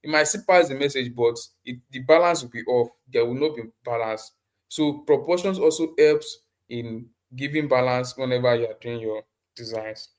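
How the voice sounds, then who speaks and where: A man's voice: mid-range voice, normal speed. A man teaching a live online design class over a computer mic, often repeating himself and asking the class questions. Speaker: design instructor.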